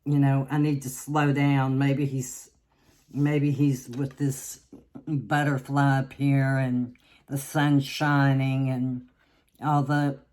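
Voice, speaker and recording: A woman from the South, giving a tarot reading in a slow, halting way with many restarts. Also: a bass voice, flat delivery, a little mellow. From Southern United States. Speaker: tarot reader.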